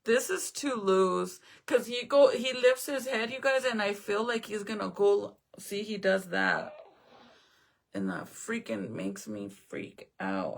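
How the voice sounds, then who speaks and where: A woman's voice: mid-range voice, big pitch swings, slow, vocal fry. A young woman at home chatting casually on a live stream, rambling, swearing now and then and answering viewer comments. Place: at home, indoors.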